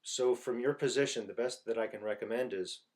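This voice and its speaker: A voice teacher with a mid-range voice gives an informal singing lesson. He explains slowly and haltingly, breaking into loud sung phrases to demonstrate.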